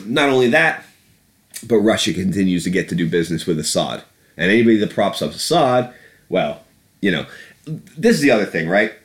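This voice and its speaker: A man hosting a podcast, ranting about politics in a fast, heated and sarcastic way, swearing freely. His voice sits fairly low. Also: very animated. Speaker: podcast host. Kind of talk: casual political rant.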